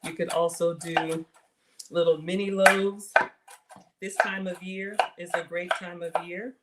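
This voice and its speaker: A woman's voice: fairly low pitch, little pitch movement, a little slow, very noisy. A woman with a Southern US accent hosting a casual cooking livestream from her home kitchen, chatty and self-deprecating as she talks to viewers. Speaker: cooking show host.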